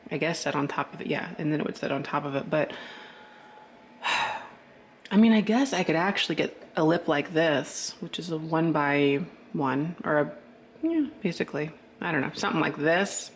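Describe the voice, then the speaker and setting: A man touring his vintage shop on a casual vlog, thinking out loud and chuckling as he goes, recorded on a handheld camera and later a phone. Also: fairly high pitch, a little hiss or hum. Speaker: shop owner and vlogger. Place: indoor vintage shop room. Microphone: handheld camera, then phone.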